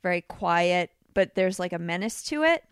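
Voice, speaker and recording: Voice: medium pitch, lively intonation, normal speed, clean tone, no echo, clean studio sound. A woman co-hosting a podcast, chatting casually about a movie with lots of fillers and laughter. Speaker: podcast co-host. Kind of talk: casual film review chat.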